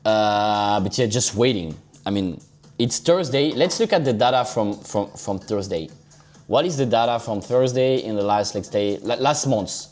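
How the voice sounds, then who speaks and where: A man's voice: fairly low pitch, moderate pace, a little mellow. Casual streamer man over faint music. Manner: loose, chatty, swears casually, talks to viewers as guys and bro. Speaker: livestream crypto trader. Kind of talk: casual live-stream chart commentary.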